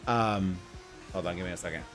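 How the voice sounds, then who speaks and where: A man's voice: low voice, fairly quick, a bit bright. A man hosting a casual gaming livestream, talking loosely, rambling and greeting viewers from chat, with faint music behind him. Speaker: livestream host. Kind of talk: casual gaming stream commentary.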